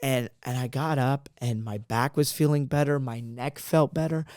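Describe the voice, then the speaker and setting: A man's voice: medium pitch, fairly even intonation, normal speed, darkish tone, no echo, clean studio sound. A young man, a comedian, telling travel stories in a playful, casual way, laughing often. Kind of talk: casual storytelling.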